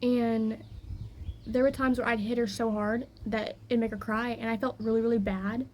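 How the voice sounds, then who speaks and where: A woman's voice: on the high side, level tone, moderate pace, darkish tone, slight background noise. Chatty young woman vlogging outdoors. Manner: rambling, easily distracted, frequent fillers. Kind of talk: casual personal vlog chat. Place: outdoors by a backyard garden.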